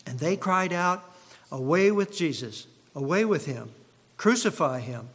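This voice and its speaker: Male pastor, emphatic sermon delivery with repeated phrases, slightly high voice, long hall reverb. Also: lively intonation, unhurried, a bit bright, husky. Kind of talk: expository sermon.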